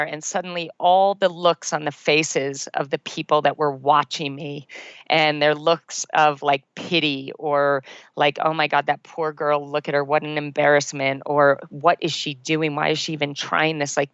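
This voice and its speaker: A woman's voice: sits low, fairly bright tone, clean tone, no room sound. A middle-aged woman, a podcast guest, telling an earnest personal story and laughing at herself now and then. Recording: dull, dry lo-fi podcast recording.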